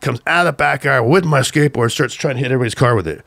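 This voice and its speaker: An older man from Southern California, a guest telling an excited, profane story, acting out the shouts of the people in it. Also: mid-range voice, rapid-fire, creaky, dry recording. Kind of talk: animated storytelling on a podcast.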